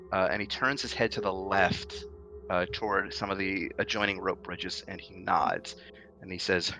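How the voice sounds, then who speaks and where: Gravelly game master narrating a scene. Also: male voice, deep voice, pushed and bright, rough recording. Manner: descriptive storytelling with frequent fillers.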